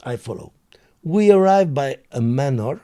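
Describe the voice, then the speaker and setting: A man with a French accent, a native French speaker, telling a story as an interview guest in an animated way and pausing to search for English words. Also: mid-range voice.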